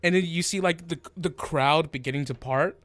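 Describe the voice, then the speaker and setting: A man's voice: fairly high pitch, moderate pace, fairly bright tone, no echo. A man narrating a tabletop game as game master, rambling and laughing often.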